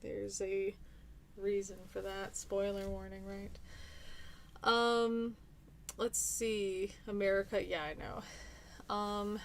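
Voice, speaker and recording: A woman's voice: mid-range voice, flat delivery, slow, gravelly, long pauses, slight background noise. Chatty New woman streaming. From New Zealand. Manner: chatty and hesitant, many ums and restarts. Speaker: livestream host. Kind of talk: casual livestream chat answering viewer comments.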